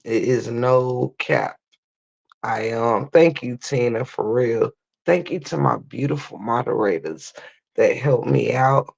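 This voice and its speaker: Hoarse, gravelly livestream host. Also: mid-range voice, darkish tone, lo-fi sound. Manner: half-whispering, drawn-out and laid-back. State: hoarse, voice nearly gone. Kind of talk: casual late-night livestream chat.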